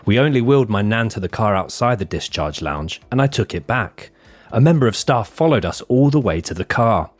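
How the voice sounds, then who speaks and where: Very deep-voiced male podcast host. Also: fairly quick, dry recording, soft background music. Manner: reads reviews in a lively, jokey voice. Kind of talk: casual chat, reading reviews aloud.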